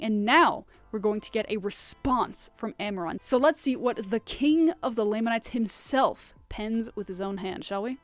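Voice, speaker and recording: A woman's voice: on the high side, no echo. A woman hosting a casual scripture commentary, with a casual, irreverent way of talking and frequent exclamations. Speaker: host.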